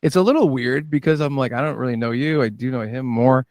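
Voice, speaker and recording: A man, a musician and director, telling lively stories in a casual interview and acting out what people said. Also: mid-range voice, fast talker, no room sound. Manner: animated storyteller, acts out quoted dialogue.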